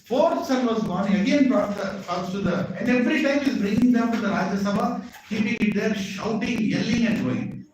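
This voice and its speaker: A man, telling a scriptural story as a sermon with lively asides to his audience. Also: high-pitched, moderate pace. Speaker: spiritual speaker. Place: large hall at a community event. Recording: echoey hall, voice far from mic, faint noise.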